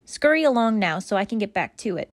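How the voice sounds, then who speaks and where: A woman voicing a grumpy but kind old male rabbit in a storybook, gruff and fussy. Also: medium pitch, very animated, fast talker, dry recording, studio quality, close to an everyday voice.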